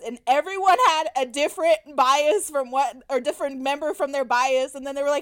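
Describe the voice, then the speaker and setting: High-voiced woman telling stories. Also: fairly quick, hardly any pauses. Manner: animated, swears freely, acts out quotes. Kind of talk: casual storytelling chat.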